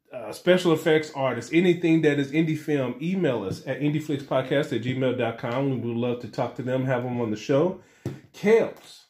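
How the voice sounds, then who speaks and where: A man's voice: medium pitch, a little mellow, echoey room. A man co-hosting a podcast in casual chat, laid-back and joking, laughing often. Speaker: podcast co-host.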